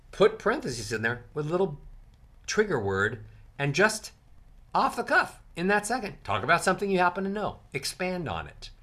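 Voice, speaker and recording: A male speaking coach teaching delivery, who shows emphasis by swinging his pitch and volume widely. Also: pushed and bright. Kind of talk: instructional talk to camera.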